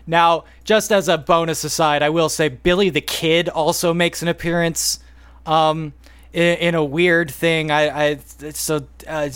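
A man co-hosting a podcast and running a quiz in an unhurried, deliberate way. He stretches names out like an announcer and laughs easily. His voice sits a little high and is recorded close, with almost no room sound. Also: little pitch movement, a bit bright, smooth, dry recording. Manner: drawn-out announcer-style delivery for names, laughs often. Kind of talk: casual chat.

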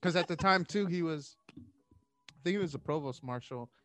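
A man's voice: on the high side, normal speed, no echo, faint music behind. A man in his thirties casually telling a story in a podcast chat, acting out what people said and laughing often. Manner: animated storyteller, acts out quotes, laughs often.

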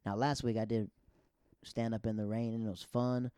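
A comedian hosting his podcast, telling stories in an animated, casual way and repeating himself as he quotes others. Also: lowish voice, moderate pace, clear, resonant tone, no echo, clean studio sound. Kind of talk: casual storytelling monologue.

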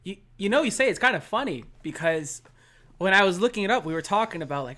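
A man in his twenties chats as a guest on a podcast. His voice is bright and a bit high, with lively swings in pitch. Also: fast talker. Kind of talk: casual chat.

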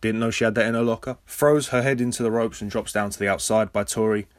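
An English man hosting a casual podcast recap, sarcastic and swearing freely, with sudden loud high outbursts. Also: steady tone, quick pace, no room sound, clean studio sound. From England. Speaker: podcast host.

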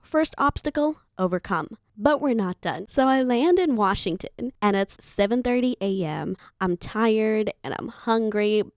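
A woman's voice: medium pitch, a little mellow, no room sound, clean studio sound. A young woman in her twenties from Zimbabwe, telling a personal story in a chatty, playful way with asides to the listener. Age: 20s. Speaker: vlogger. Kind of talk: casual storytelling.

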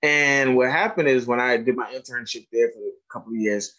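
A man's voice: medium pitch, fairly quick. A man in his thirties giving an informal talk to educators about trauma, telling stories and acting out the voices of the people in them. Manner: storytelling, animated, acts out quoted dialogue.

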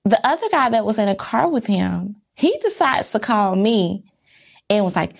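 A woman's voice: medium pitch, big pitch swings, normal speed, creaky, slightly rough. A woman vlogging in casual monologue, emphatic and candid, firing off rhetorical questions. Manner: candid, reflective, faith-centered. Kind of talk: casual talking-to-camera monologue.

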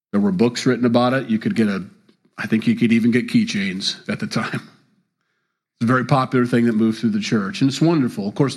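A male pastor preaching a sermon, with animated delivery and sudden jumps in pitch on key words. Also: breathy edge.

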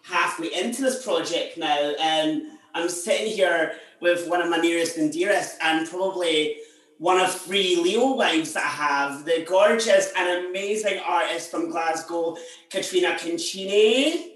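Young guy, kinda high voice, gushy podcast host, lots of laughing. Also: a little slow, a bit bright. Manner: gushing, effusive, laughs often. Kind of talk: casual podcast interview.

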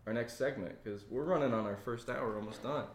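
A young man tells funny stories on a podcast and slips into the voices of the people in them. His voice sits at a medium pitch, and he often laughs mid-sentence. The room is echoey. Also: fairly quick, slight background noise. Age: young adult. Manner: animated, laughs while retelling, acts out voices in stories. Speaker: podcast co-host. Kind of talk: casual comedic storytelling.

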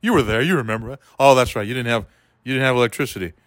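A man doing a rambling, deadpan comedy monologue, talking to a listener by name as he goes. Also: mid-range voice, racing, noisy background. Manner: meandering, deadpan, keeps addressing a listener by name.

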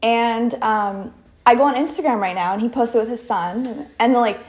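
A woman's voice: a little high, moderate pace, no echo, rough recording. A young woman telling a story in a rambling, frank way, full of fillers and swearing, while riding in a moving car. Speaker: vlogger. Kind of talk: casual storytelling rant. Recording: loud car engine noise. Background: car engine hum.

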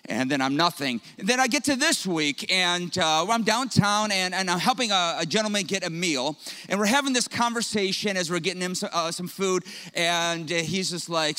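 A young man preaching a sermon as pastor, telling stories with humor and quick asides to the congregation. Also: sits high, smooth. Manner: conversational storytelling with humor, lively asides.

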